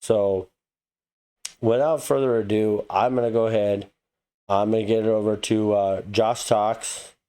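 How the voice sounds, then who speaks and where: A man from the United States talks in a loose, rambling way, doubling back on his words as he comments on a clip. His voice sits low and sounds mellow and dark. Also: fairly even intonation, a little slow, smooth. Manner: rambling, repeats words and restarts often. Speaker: reaction video host. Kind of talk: casual commentary.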